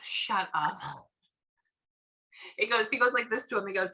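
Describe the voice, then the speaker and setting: Bright-voiced chatty woman medium. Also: medium pitch, poor audio. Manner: chatty, retells what she hears in quick bursts. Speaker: psychic medium. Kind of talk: casual reading session.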